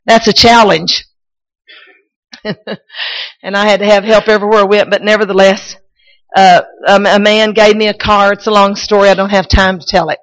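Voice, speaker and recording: A woman preacher, shouting and crying out in a sermon, then telling folksy stories with many restarts. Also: medium pitch, level tone, moderate pace, long pauses, muffled recording. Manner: folksy storytelling with repeats and restarts. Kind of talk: sermon with personal testimony.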